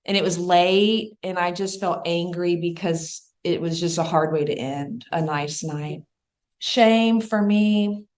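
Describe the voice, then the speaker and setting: A middle-aged woman, a podcast guest, speaking in a soft, reflective and openly emotional way. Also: lowish voice, slow. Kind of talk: casual podcast conversation.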